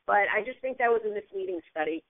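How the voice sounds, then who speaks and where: A woman's voice: on the high side, big pitch swings, quick pace, creaky, no echo. Woman co-hosting sports radio, phone-like sound. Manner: chatty and enthusiastic, frequent restarts. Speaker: radio show co-host. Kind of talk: casual sports radio chat. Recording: phone-like narrow band.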